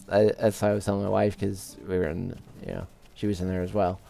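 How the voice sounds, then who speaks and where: Gravelly low-voiced gaming host. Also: male voice, quick pace. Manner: relaxed, rambling, with many fillers. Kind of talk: casual let's-play commentary.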